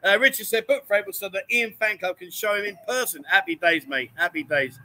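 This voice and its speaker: Man, livestream host, high bright voice, jokey teasing banter, indoors in a bookshop. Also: fairly quick, a little hiss or hum. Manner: jokey, teasing, often says "unbelievable". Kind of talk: casual banter, reading viewer comments.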